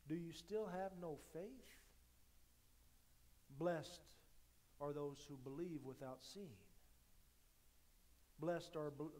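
A man preaching a sermon as pastor, rising to loud emphatic lines and dropping to quiet asides, often repeating words as he restarts a phrase. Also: fairly high pitch.

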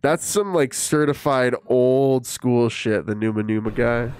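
A man's voice: medium pitch, steady tone, unhurried, darkish tone, a little hiss or hum. A man streaming live, reacting to a video with laughs, profanity and mocking asides. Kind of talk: casual live-stream commentary.

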